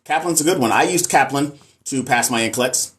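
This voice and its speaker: A man's voice: mid-range voice, a little fast, a bit bright. Chatty Southern man hosting a livestream. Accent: Texas Southern. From American South. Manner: chatty, candid, reads comments aloud. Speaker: nurse and livestream host. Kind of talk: casual livestream chat reading comments.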